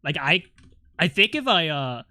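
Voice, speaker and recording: Bright, dry-voiced joking streamer. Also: mid-range voice, sing-song, measured pace, dry recording. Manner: rambling and joking, swears a lot, laughs often. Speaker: art streamer chatting with viewers. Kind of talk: casual live-stream chat.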